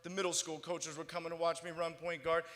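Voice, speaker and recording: A man with a hoarse, slightly raspy voice giving a personal testimony as a guest speaker, telling his story earnestly. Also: on the high side, little pitch movement, a little fast, fairly bright tone, long reverb tail. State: hoarse, recovering voice. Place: banquet hall.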